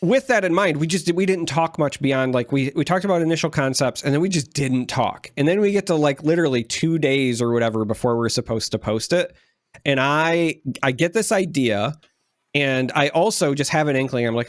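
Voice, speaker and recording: A man's voice: medium pitch, moderate pace, no room sound. Rambling podcast co-host man, dry sound. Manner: rambling storyteller, quotes himself. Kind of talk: casual chat.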